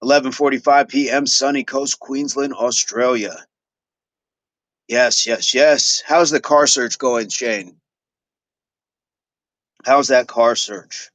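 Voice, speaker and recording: On a recording with no echo, a middle-aged man speaks slowly at medium pitch with a steady, slightly bright voice and long pauses. He runs a fitness livestream, chatting with viewers and echoing affirmations from their comments.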